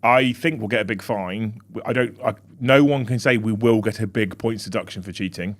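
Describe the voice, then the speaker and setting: A man co-hosting a football fan podcast in casual chat, reading out viewer comments with quick asides. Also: lowish voice. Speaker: podcast co-host. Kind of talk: casual live-stream chat.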